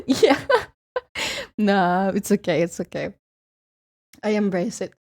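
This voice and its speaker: A woman's voice: medium pitch, wildly swooping pitch, takes it slowly, darkish tone. A woman from Sweden with a Swedish accent, streaming and chatting casually with viewers in a rambling, swearing style.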